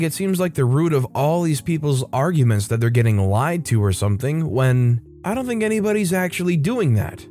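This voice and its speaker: Mellow-voiced man narrating stories. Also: medium pitch. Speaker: narrator reading posts aloud. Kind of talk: storytime narration of posts with brief comments. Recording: faint guitar music behind.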